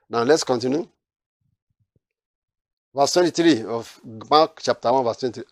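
A man preaching a sermon, repeating phrases and swinging from quiet asides to loud, emphatic declarations. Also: medium pitch, normal speed, pauses often, dry recording, studio quality.

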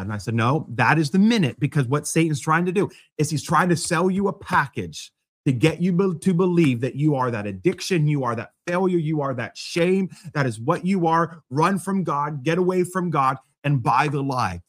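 Conversational pastor, fairly high male voice. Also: lively intonation, normal speed. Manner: conversational preaching with self-deprecating humor. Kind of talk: sermon.

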